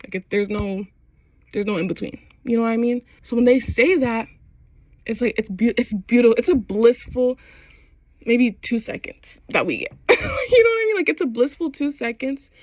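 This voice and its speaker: A woman's voice: fairly high pitch, normal speed, a little mellow, no echo. Chatty young woman recapping a show. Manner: chatty, slangy, laughs often while recapping. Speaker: vlogger. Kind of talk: casual TV recap chat.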